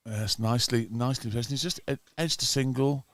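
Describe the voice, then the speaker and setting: A man's voice: mid-range voice, brisk, no room sound. A man doing chatty live commentary on a club cricket match, teasing his co-commentator. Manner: chatty, teasing, gets excited at wickets.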